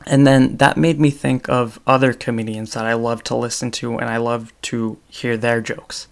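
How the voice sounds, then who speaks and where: Here a young podcast host talks alone at normal speed with few pauses, his mid-range voice gravelly and showing little pitch movement. It's unscripted, as he thinks out loud and corrects himself as he goes.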